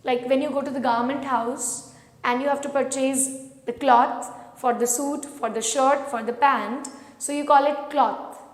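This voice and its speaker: A woman's voice: sits high, steady tone, measured pace. A woman teaching pronunciation, patiently repeating each word for learners to echo. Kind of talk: slow, drilled pronunciation lesson. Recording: echoey room with long reverb.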